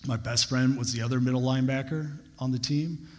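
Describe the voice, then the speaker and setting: During a sermon, a young adult pastor speaks fairly quickly in a medium-pitched, slightly mellow voice with a steady tone. He recounts a personal story with earnest emphasis that builds, and long hall reverb surrounds him.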